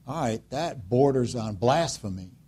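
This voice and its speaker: Man, pastor, sermon, conversational, rhetorical questions, mid-pitched voice. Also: measured pace, breathy edge. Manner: conversational, acts out voices of listeners and Jesus; lively, rhetorical questions, drops to quiet emphasis.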